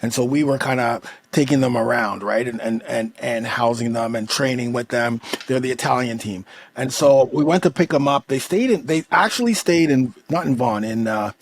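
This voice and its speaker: Male podcast host, mid pitch, rambling chatty storyteller, dry close sound. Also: moderate pace, no echo. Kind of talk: podcast interview.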